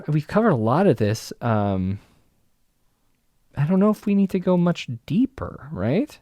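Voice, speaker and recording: A man hosting a horror film podcast, chatting casually with lively restarts and stammers. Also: mid-range voice, moderate pace, dry recording, studio quality. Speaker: podcast host. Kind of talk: casual chat.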